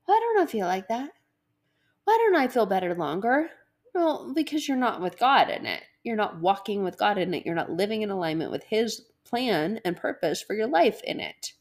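A woman speaking casually about faith, animated, acting out little inner voices and laughing often. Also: mid-range voice, moderate pace. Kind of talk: casual devotional talk.

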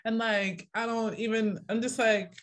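A woman who grew up between Africa and America and now lives in Australia, chatting casually as a guest, rambling with many fillers and animated when quoting others. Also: on the high side, a little slow. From born in Africa, raised partly in the USA, living in Australia. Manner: rambling, lots of fillers, animated when acting out quoted voices. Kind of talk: casual chat.

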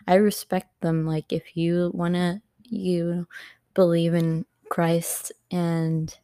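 A young woman talks slowly into a laptop mic at home, her low, mellow voice edged with vocal fry. She rambles casually from topic to topic, full of ums and likes. The sound is close and dry. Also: little pitch movement, no echo. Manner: rambling, drifting between topics with many fillers. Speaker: podcast host. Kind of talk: casual solo podcast chat.

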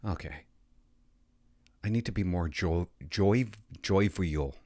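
A man's voice: low voice, slow, darkish tone, no echo. An older retired man rambling casually to his camera, stumbling over words and swearing now and then. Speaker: retired vlogger playing hotline calls.

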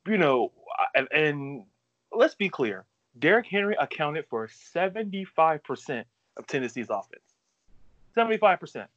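A man hosting a sports talk show, emphatic and quick with statistics. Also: fairly high pitch, no echo, lo-fi sound. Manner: emphatic, rapid-fire stats.

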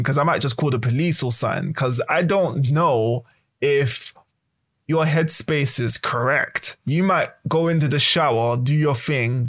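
A man in casual chat, talking through a hypothetical with lots of swearing and restarts. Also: fairly high pitch. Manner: animated, swearing, rambling hypotheticals.

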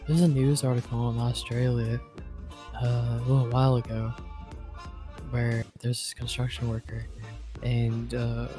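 A man's voice: mid-range voice, level tone, a little slow, long pauses, over music. A man telling crude anecdotes in a casual chat, rambling with many hesitations. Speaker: podcast co-host.

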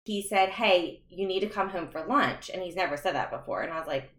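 This podcast guest, a young adult woman, speaks a little fast in a lowish, somewhat bright voice as she candidly tells her story. She comes across earnest and thoughtful, laughing here and there, in a recording with roomy echo.

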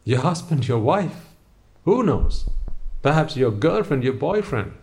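A man's voice: medium pitch, very animated, unhurried, creaky, darkish tone. A man giving a motivational talk, speaking straight to the listener with a stream of rhetorical questions.

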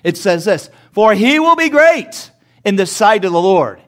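A man preaching a sermon as pastor, asking the congregation to repeat words after him and building to shouts. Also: high voice, sing-song, measured pace. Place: church sanctuary.

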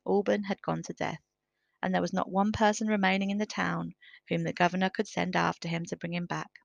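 Woman narrator, storybook reading, gravelly low voice, dry close sound. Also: level tone, no room sound, highs cut off. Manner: measured, careful reading.

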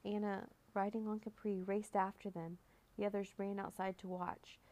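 A woman reading a children's chapter book aloud in a clear, measured storytelling manner. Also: medium pitch, little pitch movement, a little mellow.

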